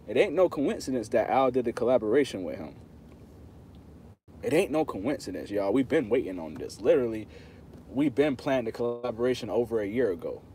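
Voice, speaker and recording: A man's voice: medium pitch, dark tone, a little hiss or hum. A man hosting a casual livestream, talking straight to his viewers in a playful, insistent way. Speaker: channel host talking to live chat.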